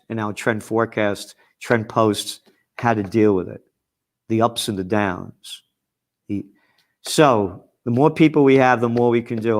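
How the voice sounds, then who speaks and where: An older man with a New York accent, hosting a commentary show with blunt, profane, fiery ranting. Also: mid-range voice. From New York (Bronx). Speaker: host. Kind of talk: angry commentary monologue.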